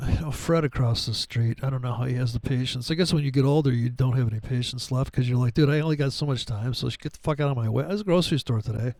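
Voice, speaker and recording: A man's voice: medium pitch, darkish tone, dry recording. A middle-aged man giving casual, profane, wisecracking commentary on trading charts, wandering off on tangents.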